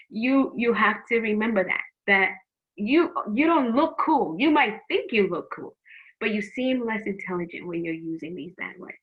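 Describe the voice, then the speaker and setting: A woman's voice: medium pitch, moderate pace. A middle-aged woman teaching teens in a faith-based talk, earnest and frank, often repeating words as she gives advice. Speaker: youth program teacher. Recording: tinny phone-like line.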